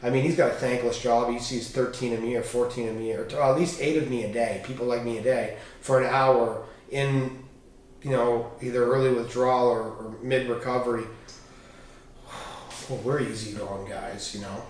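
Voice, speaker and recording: In an echoey room recorded from a distant mic, a male podcast guest with a mid-range voice tells personal stories openly at an ordinary pace. His delivery is animated and full of swearing, and he plays out the quoted exchanges.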